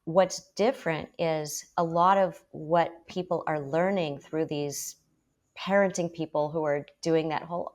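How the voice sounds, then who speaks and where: A woman talking in a lively debate about parenting, emphatic and quick to act out how parents speak. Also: on the low side. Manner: emphatic, quick to mimic parents in put-on voices.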